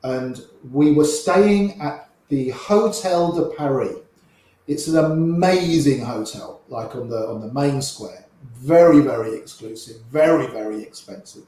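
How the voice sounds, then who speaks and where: An older man, an interview guest, telling lively anecdotes and acting out the voices of the people in them. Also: medium pitch, measured pace, very echoey, poor audio. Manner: lively raconteur, acts out quoted voices. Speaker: interview guest, poker player. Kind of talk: anecdotal storytelling.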